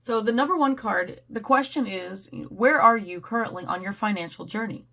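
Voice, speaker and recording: A woman giving a casual, rambling tarot reading, slightly hoarse, clearing her throat and laughing often. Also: mid-range voice, normal speed, fairly bright tone. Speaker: tarot reader.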